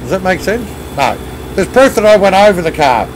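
An Australian man leads a truck convoy on a live game stream, chatting casually with friends and reading and answering viewer comments as he drives. His voice sits high and is very animated, a little fast, with background noise in the mix.

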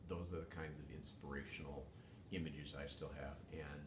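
An older man, a former police chief, talking in a measured, wordy way with many fillers as an interview guest. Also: little pitch movement. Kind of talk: casual interview talk. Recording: echoey room with faint rumble.

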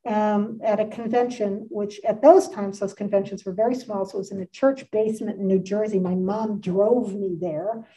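A woman's voice: mid-range voice, fairly even intonation, normal speed, hardly any pauses, mellow. A woman in her sixties giving a casual art history lecture, chatty and enthusiastic, with frequent asides. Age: 60s. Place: community center meeting room. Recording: distant, dull room recording.

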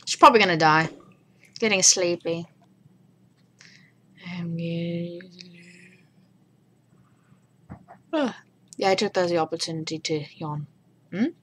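A woman's voice: fairly low pitch, brisk, fairly bright tone, slight background noise. A woman hosting a horror game let's play. She reads the game's dialogue aloud, swears freely, and yelps when startled.

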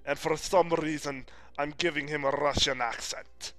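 Excitable rambling man, slightly high voice. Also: moderate pace, dry recording, faint music behind. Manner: rambling, easily distracted, sudden excited outbursts. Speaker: let's play host. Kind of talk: casual gameplay commentary.

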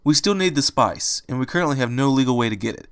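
A man playing a streetwise male rabbit in a fan storybook reading, grumbling and impatient. His lines come out pushy and sarcastic, louder and punchier than the narration around them. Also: medium pitch, animated, fast, clean tone, no echo, clean studio sound.

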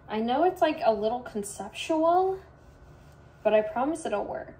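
A woman's voice: a little high, lively intonation, unhurried, mellow, a little hiss or hum. A young woman hosting a casual try-on vlog, talking in a bubbly, playful Valley Girl way. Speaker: vlogger. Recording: echoey room, mic at a distance.

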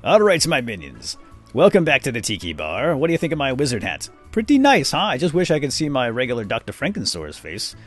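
A man's voice: medium pitch, wildly swooping pitch, fairly quick, faint music behind. A middle-aged man hosting a casual game commentary, chatty and rambling as he tells stories and narrates what he is doing. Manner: chatty storyteller, rambling asides. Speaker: host. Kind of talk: casual let's-play commentary.

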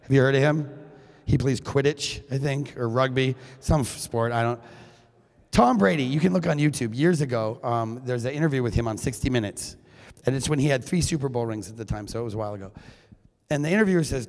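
A man giving a keynote talk at a men's conference, animated and joking, acting out quoted lines in his own voice. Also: medium pitch, a little fast. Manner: animated, jokey, acts out quotes. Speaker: keynote speaker. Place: high school venue. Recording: long hall reverb.

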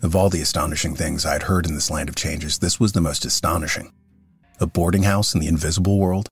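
A man narrating a classic story as an audiobook, in a measured, earnest reading. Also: extremely low pitch, steady tone, breathy edge, no echo, soft background music.

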